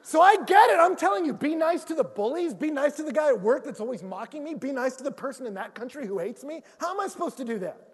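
High-voiced male preacher in an echoey hall. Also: fast talker. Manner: lively storytelling with jokes and acted-out quotes. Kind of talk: sermon.

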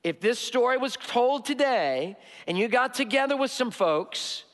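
High-voiced pastor preaching in a reverberant hall. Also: male voice, expressive, a bit bright. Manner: emphatic, repeats key phrases, slows for stress. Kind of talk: sermon. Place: church sanctuary.

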